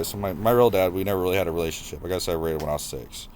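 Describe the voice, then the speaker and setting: Low-voiced man telling his story. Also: fairly even intonation, a little mellow, a little hiss or hum. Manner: casual, halting, reflective, with many restarts. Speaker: vlogger. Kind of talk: personal storytelling to camera.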